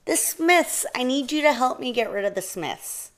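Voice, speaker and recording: A woman voicing a tiny, excitable female mouse with a squeaky, eager way of talking. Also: moderate pace. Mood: urgent. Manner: squeaky, breathless, pleading.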